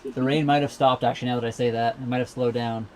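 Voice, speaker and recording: A man's voice: mid-range voice, fairly even intonation, fast talker, darkish tone, a little hiss or hum. A young man from Saskatchewan with a Canadian accent, hosting a casual live Q&A from inside his docked sailboat and rambling easily with lots of fillers. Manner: rambling, easygoing, many fillers. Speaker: livestream host. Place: cabin of a sailboat docked at a marina.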